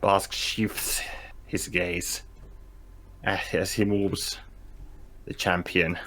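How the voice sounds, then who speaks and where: A man playing a tabletop game, describing his character's actions in a slow, deliberate way with pauses. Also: low-pitched, flat delivery, fairly bright tone. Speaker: player.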